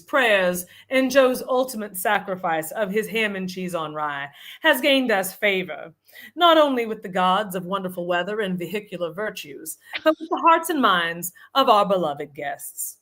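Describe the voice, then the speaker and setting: A woman putting on an affected American Southern accent, reading a comic email aloud as a genteel, slow-talking Southern lady. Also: mid-range voice, animated, fairly bright tone, natural voice. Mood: mock-grand. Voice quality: drawling, slow and ornate.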